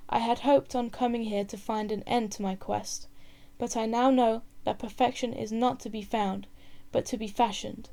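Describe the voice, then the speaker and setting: A woman's voice: a little high, steady tone, normal speed, creaky, few pauses, warm tone. A woman voicing a vain, anxious young male prince in a read-aloud story, speaking theatrically. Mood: proclaiming.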